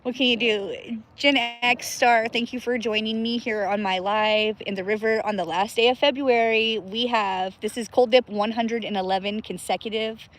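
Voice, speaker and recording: A woman's voice: fairly high pitch, fairly even intonation, normal speed, a bit bright. A woman chatting casually to her viewers on a live stream from outdoors in a river, giggling often and greeting viewers by name. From Pacific Northwest of the US. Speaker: livestream host.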